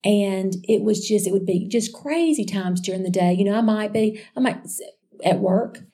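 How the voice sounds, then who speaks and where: A woman sharing a personal faith testimony in a chatty, animated storytelling way, calling her listeners y'all. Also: medium pitch, moderate pace. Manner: chatty and animated, addressing listeners as y'all, with frequent restarts and asides.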